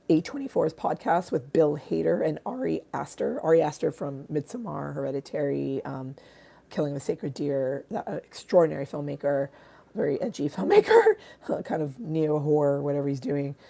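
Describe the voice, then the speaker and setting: Hoarse raspy woman on a livestream. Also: low-pitched, mellow. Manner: rambling, many fillers and restarts. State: hoarse from screaming. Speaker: artist hosting a livestream. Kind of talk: casual livestream chat.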